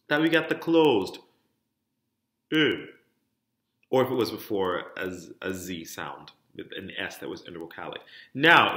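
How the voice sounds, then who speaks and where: A man teaching French diction in an online lesson, speaking each word clearly for students to repeat and stressing word endings. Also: medium pitch, a bit bright, echoey room. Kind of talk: online lesson, modeling words for repetition.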